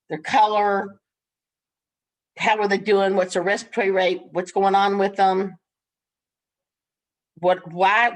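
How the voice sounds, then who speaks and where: An older woman teaching a nursing class, frank and folksy, laughing often as she tells stories from the ward. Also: medium pitch. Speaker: nursing instructor. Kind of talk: classroom lecture with storytelling.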